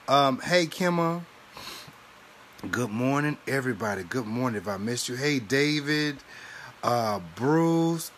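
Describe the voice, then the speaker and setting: A man hosting a live stream, chatting and preaching to viewers in an animated way, laughing often and calling listeners baby and honey. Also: mid-range voice, takes it slowly, a little hiss or hum. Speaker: livestream host and minister.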